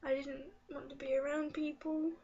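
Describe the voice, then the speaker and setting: A teenage girl speaking in a personal confessional vlog, soft and halting, often slipping into a whisper, tearful. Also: high-pitched, flat delivery. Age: teens. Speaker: vlogger. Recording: muffled lo-fi sound.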